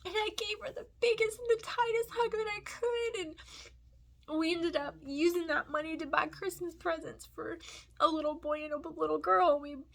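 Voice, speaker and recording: A woman's voice: high voice, vocal fry, fairly bright tone. A woman in her thirties telling a heartfelt story to her vlog viewers while crying, rambling emotionally and talking straight to them. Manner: emotional, rambling, addresses viewers as "you guys". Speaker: family vlogger.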